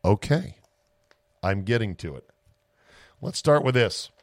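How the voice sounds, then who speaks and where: A man's voice: lowish voice, animated, slow pace, dry recording. Rambling male sports podcast host. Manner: rambling storyteller, acts out family voices. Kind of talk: casual podcast monologue. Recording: dry close-mic home office.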